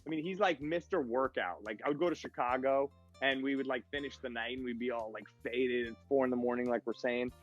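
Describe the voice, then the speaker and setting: A man's voice: medium pitch, a little fast, few pauses, highs cut off, faint music behind. A man, a guest DJ, telling stories in a rambling, casual way, filling his speech with "like". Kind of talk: casual storytelling.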